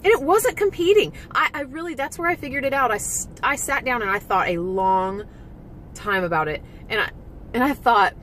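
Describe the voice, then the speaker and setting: Woman, candid personal vlog, emotional and frank, swears, lots of "like", lively swinging pitch. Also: moderate pace, slight background noise, poor audio. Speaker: vlogger and former physique competitor.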